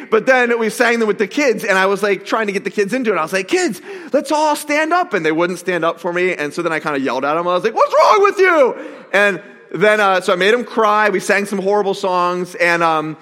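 A man's voice: high voice, fast talker, pushed and bright. A man preaching a sermon, candid and self-mocking, talking about his own faults. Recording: long reverb of a large hall.

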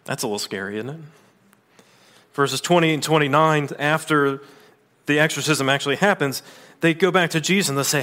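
A man preaching a sermon in a conversational manner, with asides and quick restarts. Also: mid-range voice, fairly bright tone. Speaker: pastor.

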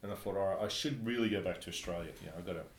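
A man from New Zealand telling travel stories in casual chat, animated and laughing often. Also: deep voice, rapid-fire. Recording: echoey room, faint background noise.

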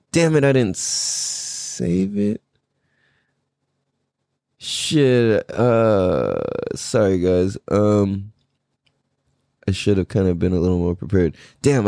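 A man's voice: sits low, creaky, mellow, dry recording, clean studio sound. A man hosting a podcast, telling a story in a casual, profane rant and laughing often. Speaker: podcast host.

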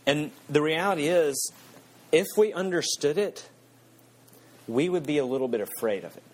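A man, preaching a sermon and telling a self-mocking story with frequent chuckles. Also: mid-range voice. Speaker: pastor. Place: church.

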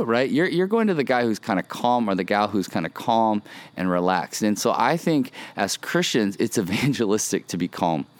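Outdoors by a pool, a male podcast host leads a casual devotional episode, speaking earnestly and encouragingly and often repeating phrases. His voice is medium in pitch with no echo.

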